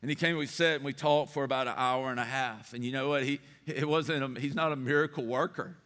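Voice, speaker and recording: Pastor preaching with hall reverb. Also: male voice, mid-range voice, steady tone, brisk, fairly bright tone. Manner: earnest and personal, builds to rising emphatic repetition. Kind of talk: sermon. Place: church sanctuary.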